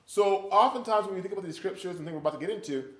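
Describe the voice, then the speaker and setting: A man's voice: high-pitched, racing. A man leading an interactive bible study, telling stories and acting out little voices and sounds as he asks the group questions. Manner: animated storyteller who acts out little voices and sounds. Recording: echoey room.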